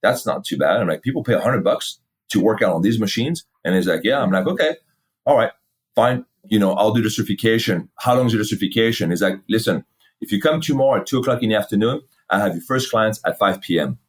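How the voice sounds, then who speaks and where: A middle-aged man, a fitness company founder, telling his story in a casual interview, animated, swearing freely and acting out old conversations. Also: on the low side, fast talker, breathy edge. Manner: animated, swears freely, acts out past dialogue.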